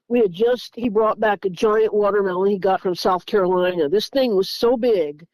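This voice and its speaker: A woman's voice: mid-range voice, darkish tone, no echo, poor audio. Woman telling her story, lots of stops and restarts, dry close sound. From Tennessee. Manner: halting, repeats words, restarts sentences. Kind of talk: casual storytelling.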